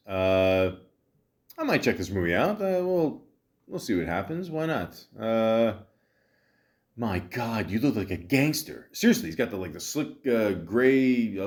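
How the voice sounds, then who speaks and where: A man's voice: fairly low pitch, darkish tone. A man hosting a podcast alone, chatting casually about a movie in a rambling, joking way, full of swearing, fillers and restarts. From half Italian, half Greek heritage. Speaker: podcast host. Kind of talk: casual solo podcast commentary.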